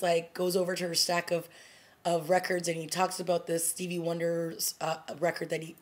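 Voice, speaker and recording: A woman casually recapping a TV drama episode for her vlog, animated, laughing often and throwing in dramatic asides. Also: lowish voice. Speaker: TV review vlogger.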